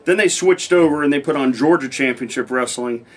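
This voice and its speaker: A man's voice: on the high side, a little fast. Rambling man telling wrestling stories. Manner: rambling, many restarts, acts out quoted dialogue. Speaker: interview guest, former pro wrestler. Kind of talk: casual storytelling interview.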